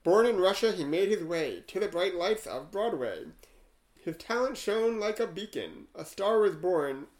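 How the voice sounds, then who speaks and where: On a casual podcast, a male co-host reads a rhyming poem in a dry, deadpan, unhurried way, his voice sitting a little high for a man. Now and then he breaks off for wry asides, and the recording is rough.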